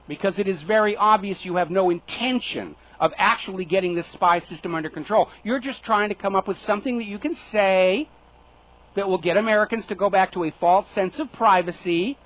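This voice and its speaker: A man hosting a political talk radio show, sarcastic and indignant, jabbing with rhetorical questions. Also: high-pitched. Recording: dull lo-fi radio recording.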